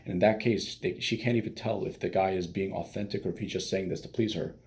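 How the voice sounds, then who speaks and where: A man's voice: sits low, steady tone, fast talker, darkish tone. A man giving casual dating advice as a coach, blunt and profane, with many fillers.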